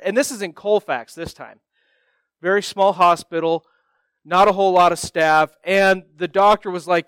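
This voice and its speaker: A man with a high, smooth, resonant voice preaches a sermon built on self-deprecating personal stories, animatedly acting out the voices of the other people in them. The audio is close and dry, free of any room echo.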